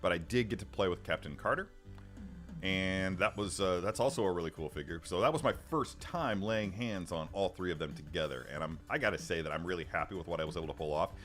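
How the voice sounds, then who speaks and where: A man's voice: sits low, quick pace, a bit bright. A middle-aged man hosting a casual livestream, rambling with many restarts and little chuckles while reading the chat. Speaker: livestream host. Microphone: studio microphone. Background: faint background music.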